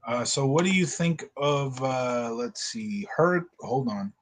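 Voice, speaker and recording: Male host, mid-pitched voice, casual recap chat that keeps breaking into acted-out quotes and laughter. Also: takes it slowly. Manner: animated retelling, acts out quotes, laughs often. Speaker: podcast host.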